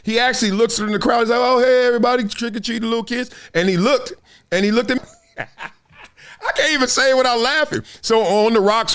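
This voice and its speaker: A man's voice: fairly high pitch, a bit bright. A male show host chatting casually on a livestream, telling stories with lots of laughter and acting out other people's lines.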